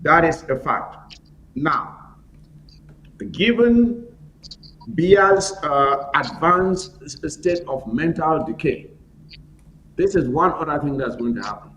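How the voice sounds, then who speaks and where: A man from Anglophone Cameroon calling in to a political talk show, forceful and repeating his key points for emphasis. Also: on the high side, a little slow. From Ambazonia (Anglophone Cameroon). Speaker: caller. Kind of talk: emphatic political call-in commentary. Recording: roomy call-in audio with faint background noise.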